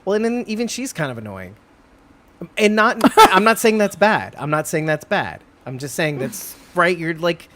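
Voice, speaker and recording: A man co-hosting a live show, talking casually, rambling and breaking off, with lively put-on quotes. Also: fairly high pitch, moderate pace, slight background noise. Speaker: co-host.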